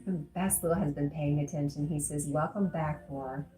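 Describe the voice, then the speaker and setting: A woman with a low, mellow voice hosts a casual livestream, reading chat messages aloud and replying to each one. Faint music plays in the background. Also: fairly even intonation, normal speed. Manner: warm, reads chat comments aloud, gets emotional.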